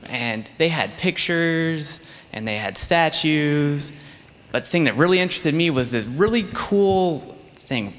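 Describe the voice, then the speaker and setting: Storytelling man for a children's sermon, lively, does little voices, in a hall with a long echo. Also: mid-range voice. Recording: long reverb of a large hall.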